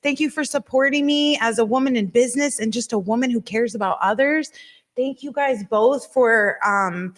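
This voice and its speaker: A woman guest in casual chat, bubbly and openly emotional. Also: a little high. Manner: bubbly and emotional, sings a bit off the cuff.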